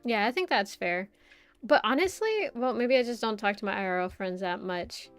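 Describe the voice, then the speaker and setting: A woman's voice: mid-range voice, lively intonation, normal speed, no echo, soft background music. A woman streamer chatting casually with her viewers, rambling and stumbling over repeated words, often laughing. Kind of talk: casual chat reading viewer comments.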